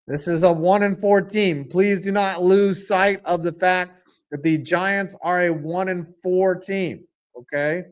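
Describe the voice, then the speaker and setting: A man's voice: sits high, measured pace, clear, resonant tone. A young man streaming a live football game, calling plays, reading chat and cracking crude jokes. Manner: jokey, profane, swings from flat mutters to excited outbursts. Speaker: streamer and sports commentator.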